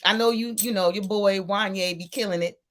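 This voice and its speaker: A woman's voice: mid-range voice, steady tone, fairly quick, a bit bright. Chatty, playful woman radio co-host. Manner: chatty and playful, laughs often; enthusiastic about music. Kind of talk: casual radio chat.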